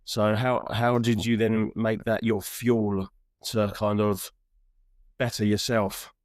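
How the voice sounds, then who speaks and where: A man's voice: fairly low pitch, little pitch movement, takes it slowly, no echo, clean studio sound. A man hosting an interview podcast, talking in an earnest, encouraging way and often restarting his sentences. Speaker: podcast host. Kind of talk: reflective interview chat.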